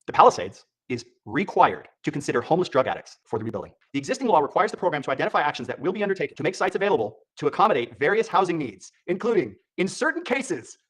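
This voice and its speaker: A man talks through news clips in a heated, scornful way. His voice sits a little high and swings widely, jumping up and down in pitch as he argues. He keeps pushing his point hard. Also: very animated, racing, hardly any pauses, a bit bright. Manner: heated, scornful, mocks others in put-on voices. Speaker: commentary host. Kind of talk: political commentary reacting to clips.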